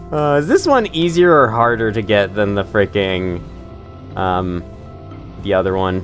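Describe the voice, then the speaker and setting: A male streamer talks through his gameplay in a loose, chatty way, laughing easily and poking fun at himself. His voice swings widely up and down as he reacts. Quiet music plays faintly behind him. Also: fairly low pitch, animated, slow pace. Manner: chatty, self-deprecating, laughs often. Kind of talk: live gameplay commentary.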